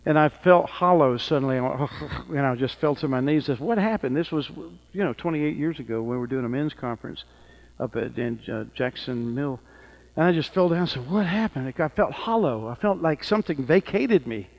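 A man's voice: mid-range voice, moderate pace, low-quality recording. A middle-aged man preaching a sermon, telling stories with rising fervor. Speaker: pastor.

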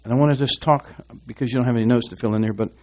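A man's voice: mid-range voice, steady tone, racing, a little mellow. A man preaching a sermon in a church, rambling and folksy with asides and restarts, reading scripture aloud to his congregation. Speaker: pastor.

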